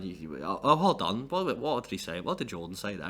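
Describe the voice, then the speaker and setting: A man's voice: sits low, lively intonation, normal speed, few pauses, a bit bright. A man casually reviewing an album on his own channel, rambling with many fillers and restarts. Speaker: music reviewer.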